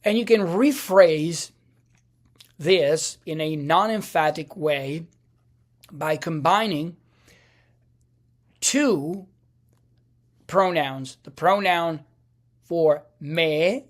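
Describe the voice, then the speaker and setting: A man teaching a language lesson over slides, speaking slowly with many fillers and restarts. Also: on the high side. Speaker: Italian teacher.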